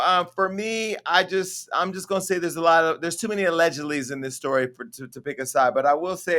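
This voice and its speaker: A man's voice: fairly high pitch, bright, forceful tone. A man hosting a casual entertainment news talk show, chatty with laughing asides. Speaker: host. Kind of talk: casual gossip show chat.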